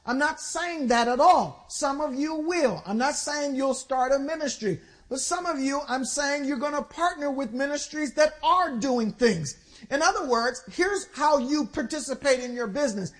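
Woman, preacher, sermon, high voice, call-and-response, slow stresses and quick bursts. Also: animated. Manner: exhorting, call-and-response with the congregation.

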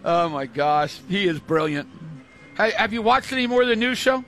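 An older man telling stories in casual chat, animated and acting out the voices of the people he quotes. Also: high-pitched, moderate pace, soft background music.

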